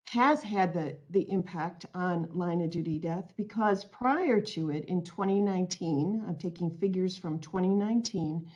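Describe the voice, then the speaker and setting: A woman's voice: lowish voice, darkish tone, dull audio. A woman presenting an online training webinar, reading out audience answers and then explaining her points earnestly, on a computer mic.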